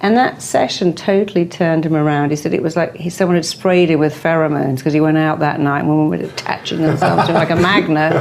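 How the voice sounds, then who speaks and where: Middle-aged woman therapist, interview guest; emphatic, slightly low voice, slips into quoted voices. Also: fast talker, creaky, hardly any pauses, slight background noise. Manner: animated, acts out quoted voices and inner thoughts; emphatic, stresses strong words. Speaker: psychotherapist. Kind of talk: interview conversation.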